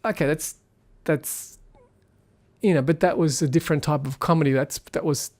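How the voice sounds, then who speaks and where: A man with a fairly high voice giving an unscripted film review. He rambles and thinks aloud, and his tone stays critical throughout. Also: steady tone, moderate pace, darkish tone. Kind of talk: casual spoken film review.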